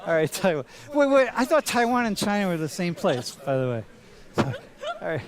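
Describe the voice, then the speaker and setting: With a crowd audible in the background, a university professor speaks in a high voice full of big pitch swings at a moderate pace. Teaching in a large lecture hall, he stays casual and playful, addressing students as dude and bro.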